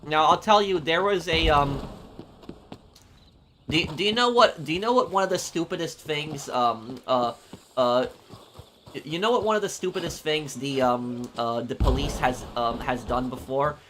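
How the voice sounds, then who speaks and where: A man streaming a game, chatting casually and answering super chats in a halting, opinionated, rambling way. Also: fairly high pitch, a bit bright, slight background noise. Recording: game sounds with horses behind.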